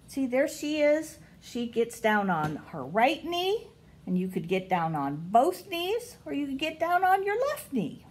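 A middle-aged woman teacher, reading picture books aloud to young children in a slow, sing-song way. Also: very animated. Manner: slow, sing-song, with big pitch swings on questions.

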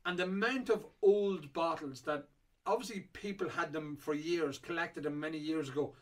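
Guy rambling about auction lots, kinda high voice, lots of ums. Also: normal speed. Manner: rambling and chatty with many fillers. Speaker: whiskey auction host. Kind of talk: casual chat previewing auction lots.

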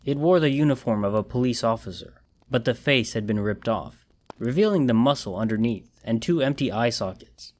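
Measured male horror narrator. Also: medium pitch, animated, a little mellow. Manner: measured, dramatic storytelling. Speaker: audiobook narrator.

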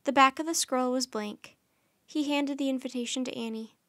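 A woman reading a children's chapter book aloud for storytime, her voice high and light. She tells the story in a gentle, friendly, unhurried way. The recording is dry and close, with no room echo. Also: steady tone.

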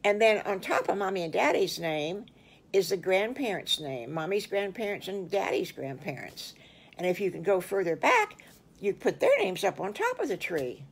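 A grandmother voicing a gentle, patient mother pig. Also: medium pitch, sing-song, moderate pace, vocal fry, breathy edge, full character voice. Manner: gentle, explaining things simply.

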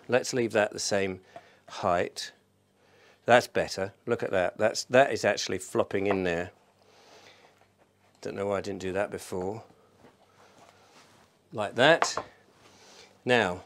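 A man from England talks his way through a home cooking vlog indoors, his voice sitting on the low side. He thinks aloud as he works, rambling and poking fun at himself in a relaxed, chatty way. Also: a little hiss or hum. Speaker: vlogger. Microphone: microphone in a room.

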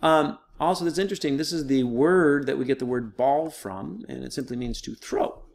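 A man's voice: mid-range voice, moderate pace, gravelly. A man teaching a recorded online lesson, explaining step by step in a casual, patient way with frequent fillers.

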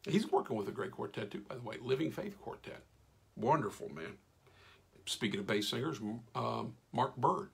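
Gravelly man hosting a live stream. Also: mid-range voice, big pitch swings, moderate pace. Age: middle-aged. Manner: folksy, enthusiastic, shout-outs to viewers. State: losing his voice. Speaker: radio host reading live comments. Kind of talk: casual live-stream chat.

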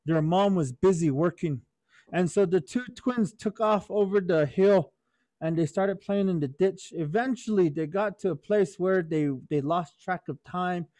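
A man telling a traditional story to young people, in a gentle teacherly way, often checking in with "right?" and "okay?". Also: sits high, no room sound, studio quality. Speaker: storyteller for youth.

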